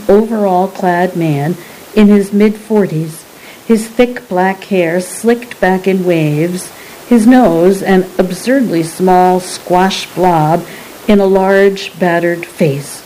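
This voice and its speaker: A woman reading a story aloud as narrator, in a measured, deliberate way. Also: lowish voice, dark tone, a little hiss or hum, poor audio. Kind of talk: scripted audiobook narration.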